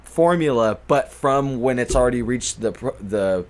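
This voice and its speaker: A young man co-hosting a podcast in casual chat, excitable and cursing, with quick restarts. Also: medium pitch. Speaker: podcast co-host.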